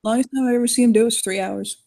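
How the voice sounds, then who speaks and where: A woman's voice: a little high, fairly even intonation, racing, vocal fry, noisy background. A woman narrating her character in a tabletop game, swearing casually and laughing often. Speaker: tabletop player. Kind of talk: casual role-play narration.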